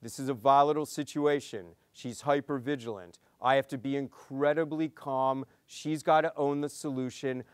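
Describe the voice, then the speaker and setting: A man, a pediatrician, giving a conference talk, telling clinic stories and acting out the dialogue in a lively way. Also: mid-range voice, moderate pace, hardly any pauses, smooth, no echo, studio quality. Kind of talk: conference lecture.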